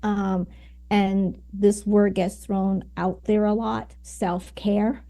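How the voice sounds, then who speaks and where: A woman's voice: mid-range voice, level tone, takes it slowly, dark tone. A woman guest in an interview, explaining ideas with frequent fillers and tag questions. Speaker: guest, communication coach. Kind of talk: conversational interview.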